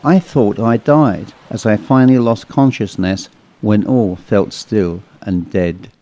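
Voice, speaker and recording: A man narrating a ghost story in a measured, ominous storytelling manner. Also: lowish voice, dark tone.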